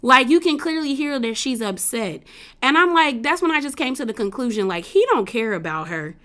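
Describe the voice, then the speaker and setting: A woman vlogger giving a casual, chatty recap of a reality TV episode, speaking in slangy, animated storytelling. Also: sits high, moderate pace.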